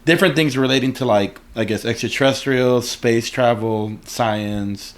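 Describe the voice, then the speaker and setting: A man's voice: medium pitch, moderate pace. A man in a casual interview, rambling with lots of fillers and slang. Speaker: artist guest.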